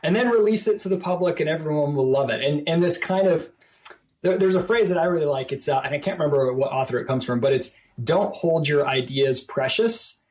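Animated, higher-voiced man talking casually. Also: brisk, a little hiss or hum. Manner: animated, acts out quoted voices at higher pitch. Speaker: podcast guest. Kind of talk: casual conversational talk. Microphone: podcast microphone.

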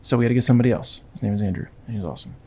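A woman's voice: rumbling low, very fast, mellow. A woman hosting a podcast, chatting casually in a rambling, self-deprecating way. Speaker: podcast host. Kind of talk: casual chat.

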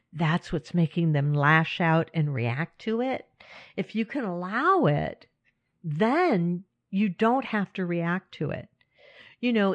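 In a medium-pitched voice, a middle-aged woman hosts a casual self-help talk, speaking candidly and animatedly, laughing frequently and addressing listeners directly. The audio is dry and slightly muffled.

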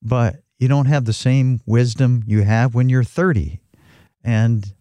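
Earnest man with a mellow voice. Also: medium pitch, steady tone, unhurried, no room sound. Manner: earnest, reflective, with frequent restarts. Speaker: christian podcast co-host. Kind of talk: conversational bible teaching.

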